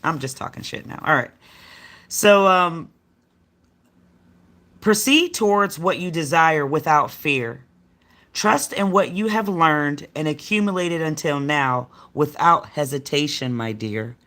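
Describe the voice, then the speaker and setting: A woman's voice: low-pitched, expressive, unhurried, fairly bright tone. A middle-aged woman giving a casual tarot reading on a livestream, talking in a rambling, slangy, chatty way to her viewers. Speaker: tarot card reader.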